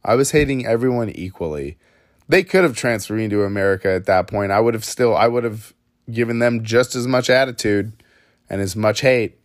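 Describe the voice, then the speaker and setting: A man's voice: on the low side, fairly quick, no echo, clean studio sound. A man hosting a solo podcast, ranting in a rambling, self-mocking, profane way. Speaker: podcast host.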